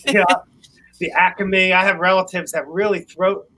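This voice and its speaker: A man's voice: sits high, steady tone, a little slow, pushed and bright, a little hiss or hum, poor audio. Laid-back man. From Philadelphia area. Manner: laid-back, laughing, rambling with restarts. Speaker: musician guest. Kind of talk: casual chat on a live video call.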